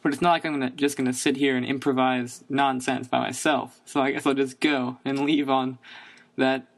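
Guy reading his goofy podcast bit, middle pitch. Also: little pitch movement, normal speed, creaky. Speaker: fan contributor. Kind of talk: scripted comedy sketch.

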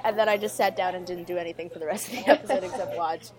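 A woman's voice: lowish voice, steady tone, racing, crowd noise. A teenage girl co-hosting a podcast, chatting and laughing through her stories. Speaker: podcast co-host. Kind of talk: casual chat.

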